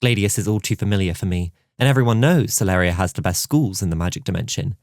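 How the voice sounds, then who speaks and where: A poised young prince speaks politely and with assurance, voiced by a man narrating. Low voice, close and dry recording. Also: lively intonation, fast, darkish tone, dry recording. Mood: assured.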